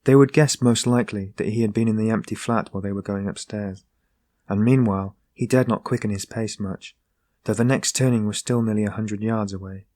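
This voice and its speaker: A man narrating a classic novel as an audiobook, in a steady, measured reading. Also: lowish voice, no room sound. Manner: steady, measured reading that rises into voiced dialogue.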